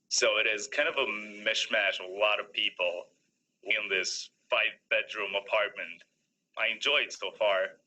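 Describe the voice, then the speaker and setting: Young Albanian man, bright tense voice. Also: lowish voice, poor audio. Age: around 20. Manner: casual, with many "like" fillers. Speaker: student telling a personal story. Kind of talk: personal anecdote.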